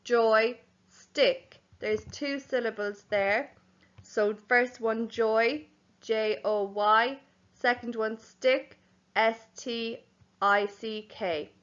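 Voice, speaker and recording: A young woman teaching young children, speaking slowly and clearly, spelling words out letter by letter and calling them boys and girls. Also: a little high, steady tone, fairly bright tone, lo-fi sound. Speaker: primary school teacher. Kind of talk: home learning lesson for young children.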